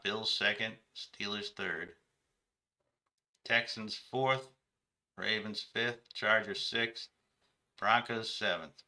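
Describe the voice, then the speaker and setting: A man's voice: lowish voice, sharp tone. A man hosting a comedic sports talk show, rambling through his points with self-corrections. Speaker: show host.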